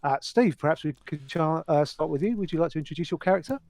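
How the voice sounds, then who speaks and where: A man with a fairly high voice runs a tabletop game as its jovial host. He introduces the players and the setting with theatrical flair. The sound is dry and close, with no room echo. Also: animated, fast, darkish tone. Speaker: game master. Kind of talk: hosting and narrating a tabletop game.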